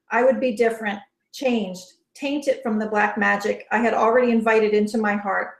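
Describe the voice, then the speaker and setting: Woman reading a novel aloud, roomy. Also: a little high. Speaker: author reading her novel. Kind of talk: first-person novel reading. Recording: roomy echo.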